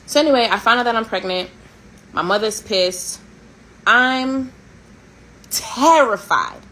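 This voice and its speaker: A woman in her thirties, from a Haitian family, hosting a casual storytelling chat in a candid, sarcastic and animated way, swearing and laughing often. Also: on the high side, normal speed, a little hiss or hum, rough recording. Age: 30s. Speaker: host.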